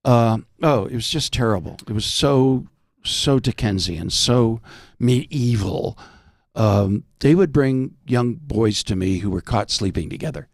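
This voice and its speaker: An older American man, a veteran actor, telling animated anecdotes in casual chat and slipping into impressions. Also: mid-range voice, unhurried, vocal fry, no room sound, clean studio sound. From United States. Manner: animated storyteller, jumps into voices. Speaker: podcast guest, veteran actor.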